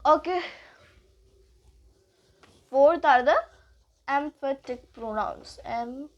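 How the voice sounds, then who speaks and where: A young woman with an Indian English accent teaching English grammar, explaining slowly, repeating points and slipping into Hindi now and then. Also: high-pitched, dull audio. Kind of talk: classroom grammar lesson.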